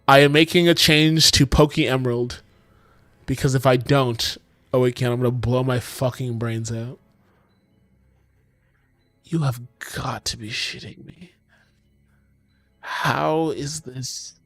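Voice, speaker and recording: A man's voice: mid-range voice, slow, pauses often, a bit bright, dry recording, faint music behind. A man streaming his game coding in casual talk, exasperated, swearing often and talking to his chat.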